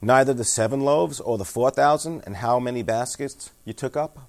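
A man's voice: medium pitch, moderate pace, creaky, darkish tone. A man giving a sermon, reading scripture aloud, explaining it in everyday words, and asking his listeners questions. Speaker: pastor.

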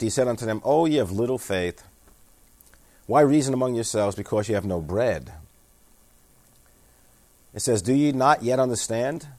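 A man's voice: medium pitch, a little mellow. A man giving a sermon, reading scripture aloud, explaining it in everyday words, and asking his listeners questions. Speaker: pastor.

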